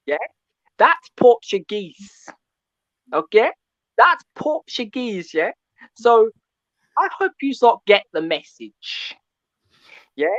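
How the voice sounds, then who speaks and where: A man calling in to a fan show, ranting in an animated, preachy way and often asking "yeah?". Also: high voice, slow pace, pauses often, dry recording, highs cut off. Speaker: caller. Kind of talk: call-in fan rant.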